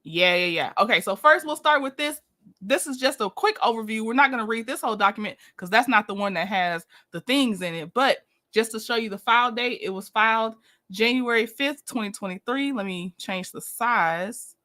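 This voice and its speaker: A woman's voice: a little high, expressive, moderate pace, sharp tone. A woman hosting a casual livestream, chatting and greeting viewers by name, laughing often, then reading through documents. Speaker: livestream host.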